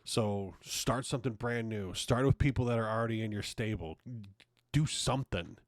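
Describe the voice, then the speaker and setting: A man's voice: lowish voice, normal speed, no room sound, clean studio sound. A man hosting his own podcast, ranting casually and swearing often in an exasperated way. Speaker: podcast host. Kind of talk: casual opinion monologue.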